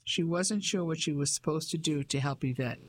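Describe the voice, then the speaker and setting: Audiobook narrator, even and measured, mid pitch, scripted storytelling.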